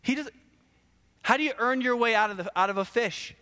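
A male pastor preaching a sermon in an animated, conversational way, full of rhetorical questions. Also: extremely high pitch, fairly quick. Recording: long hall reverb.

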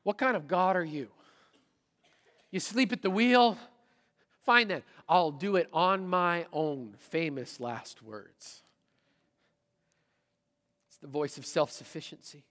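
High-voiced pastor preaching in a reverberant hall. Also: male voice, lively intonation, slow pace, long pauses. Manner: dramatic, voices inner thoughts aloud, swings from loud to hushed. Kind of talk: sermon.

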